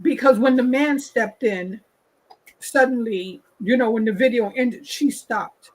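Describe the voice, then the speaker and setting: A woman's voice: fairly high pitch, a little slow, husky, low-quality recording. A woman hosting a talk show, giving her opinion in an emphatic casual way and repeating her points. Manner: emphatic, repeats points, acts out quoted people.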